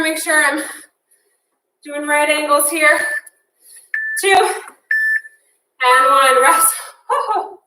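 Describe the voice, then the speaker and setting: A woman's voice: sits high, pushed and bright, slight background noise. Breathless, chatty woman coaching a workout. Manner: upbeat, chatty, counting down reps. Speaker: fitness instructor. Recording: echoey room from a distance.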